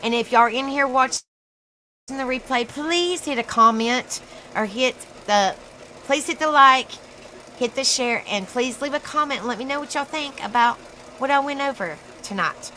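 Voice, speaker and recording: A woman with a Southern US accent hosting a casual live stream, chatty and laughing at herself often, in a dark room. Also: sits high, moderate pace, a little hiss or hum, low-quality recording. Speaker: livestream host.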